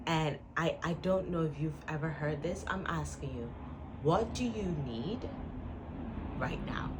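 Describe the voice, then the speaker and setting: Low, slow-spoken woman giving earnest affirmations. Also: animated, background noise. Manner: earnest, reassuring, repeats affirmations. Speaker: trainee psychotherapist. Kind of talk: motivational self-help talk to viewers.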